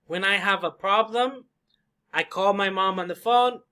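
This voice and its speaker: A young man teaching English vocabulary, drilling each word again and again. His voice sits a bit high and sounds bright and forceful. He talks at a very unhurried pace. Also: clear, resonant tone. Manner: slow, repetitive drilling of words. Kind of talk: vocabulary lesson.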